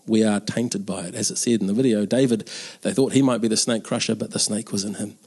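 A man's voice: on the low side, fairly even intonation, quick pace, a little mellow, breathy edge. A man preaching an Easter sermon in an earnest, conversational way, with casual asides.

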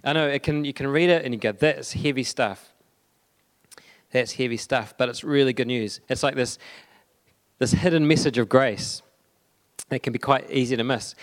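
A young man giving a conversational sermon, halting often with fillers and restarts. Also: medium pitch. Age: young adult. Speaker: preacher.

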